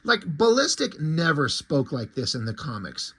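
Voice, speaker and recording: Man, comic review commentary, swears casually, amused, slightly high voice. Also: very animated, moderate pace, sharp tone, breathy edge. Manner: profane and amused.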